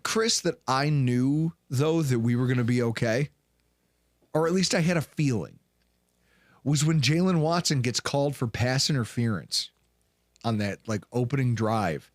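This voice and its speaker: A sports recap show co-host, probably in his late 20s or 30s, talks sports casually in a voice pitched a bit high for a man, rising and falling wildly. He's an animated storyteller who acts out what people said, loudly voicing the quotes. The recording is dry and close, with no echo.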